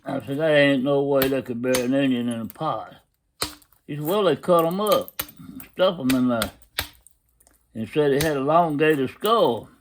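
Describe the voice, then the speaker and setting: A man's voice: mid-range voice, normal speed, pauses often, a little hiss or hum. A man telling a story in a folksy, casual way, constantly retelling what others said. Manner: folksy drawl, retelling quotes with "he said".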